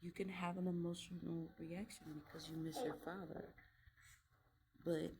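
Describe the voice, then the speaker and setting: A mother talking in a casual, reflective vlog, earnest and candid, pausing and restarting as she gathers her thoughts. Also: lowish voice, steady tone, vocal fry, music in the background. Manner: earnest, halting, with frequent restarts and trailing pauses; candid and heartfelt. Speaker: mother vlogging about parenting.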